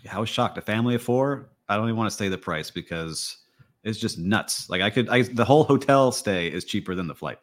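A man's voice: lowish voice, expressive, brisk. A man co-hosting a hospitality podcast, telling stories in an easygoing, casual way. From Miami, USA. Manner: easygoing, storytelling. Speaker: podcast co-host. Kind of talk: casual chat.

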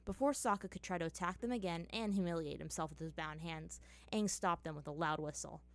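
A woman reading fan fiction aloud in an even storytelling manner. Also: lowish voice, fairly quick. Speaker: reader.

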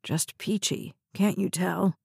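A woman reading the part of a bitter, injured young man in a hospital bed, with a gravelly, curt voice. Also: fairly low pitch, steady tone, slow, a little mellow, no echo, clean studio sound, exaggerated voice.

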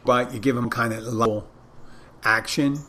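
This man, a bartender, hosts a podcast where he tells a meandering anecdote in casual monologue and plays both sides of the conversation. His mid-range voice is bright and forceful, with fairly even intonation at a normal speed.

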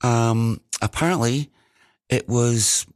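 A man, a musician, recounting studio stories in a rambling, casual way with many pauses. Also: mid-range voice, dry recording. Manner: rambling, many ums and restarts. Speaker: musician guest. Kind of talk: casual anecdotal storytelling.

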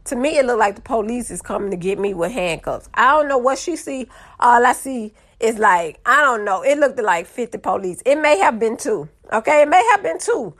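A young woman, telling a funny story to her viewers in a lively, casual way. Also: on the high side, normal speed, hardly any pauses. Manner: animated, drawling, addresses audience as y'all.

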